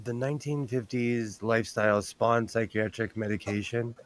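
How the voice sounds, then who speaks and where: A man's voice: mid-range voice, steady tone, normal speed. A man hosting a casual chat while sewing, rambling and telling stories with animation. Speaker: host.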